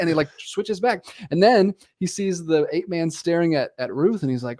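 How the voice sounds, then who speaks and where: A man's voice: on the high side, a little fast, a little mellow. A man co-hosting a film podcast, chatting casually and acting out characters' lines as he retells scenes. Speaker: podcast co-host.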